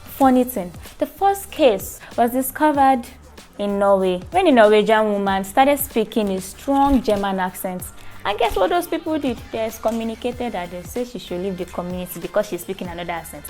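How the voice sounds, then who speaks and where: A woman's voice: medium pitch, animated, normal speed, a little mellow, soft background music. A young woman hosting her own vlog in a chatty, playful way, teasing her viewers. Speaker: show host. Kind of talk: casual vlog talk.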